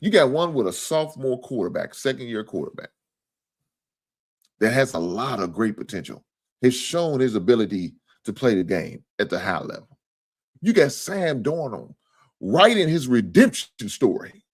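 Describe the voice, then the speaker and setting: A man's voice: medium pitch, very animated, normal speed, husky. A man hosting a casual sports talk livestream, joking, swearing freely and thanking viewers for donations. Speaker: sports talk show host.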